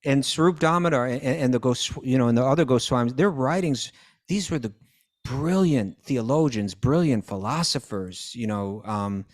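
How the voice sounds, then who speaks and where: A man's voice: mid-range voice, moderate pace. A man telling devotional stories in casual conversation, acting out the characters' lines and often checking in with "you know" and "right?". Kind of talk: conversational storytelling.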